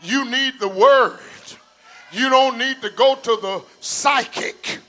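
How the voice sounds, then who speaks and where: A man's voice: very high voice, takes it slowly, bright, forceful tone. An older male pastor preaching in an old-school hollering style, calling on the congregation to answer back. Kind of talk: sermon.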